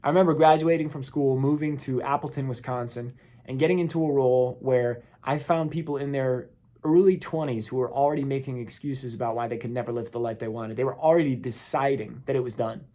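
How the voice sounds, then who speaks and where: A man's voice: mid-range voice, fairly quick, mellow. Earnest man giving a motivational talk. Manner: earnest, quoting characters in the story with small voice shifts. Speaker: motivational speaker.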